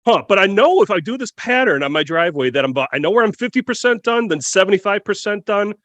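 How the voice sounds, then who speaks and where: A man's voice: high-pitched, expressive, fast, a bit bright, no echo. A man co-hosting a casual podcast roundtable, chatty and jokey. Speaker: podcast co-host.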